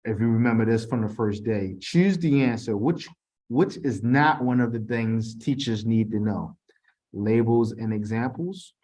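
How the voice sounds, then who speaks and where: A man's voice: mid-range voice, measured pace, a little mellow. A man tutoring a student in a casual session, reading quiz questions aloud with frequent restarts. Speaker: TESOL instructor.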